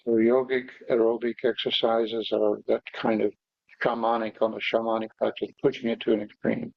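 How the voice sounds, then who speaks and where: Gravelly man guiding slow breathing practice. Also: medium pitch, level tone, no echo. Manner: slow, halting, with pauses and fillers. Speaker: meditation teacher. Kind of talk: guided breathing instruction. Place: meditation hall. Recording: dull, dry lo-fi recording.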